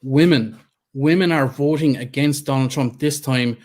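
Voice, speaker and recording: A man hosting live election-night commentary, reading out vote figures in a measured way with fillers. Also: medium pitch, darkish tone. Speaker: host.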